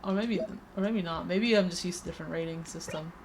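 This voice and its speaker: A woman's voice: fairly low pitch, fast talker, vocal fry, very noisy. A woman from Peru with a slight Spanish accent, chatting casually while streaming a game, over-enunciating her consonants. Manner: chatty, rambling, many restarts. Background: faint game music.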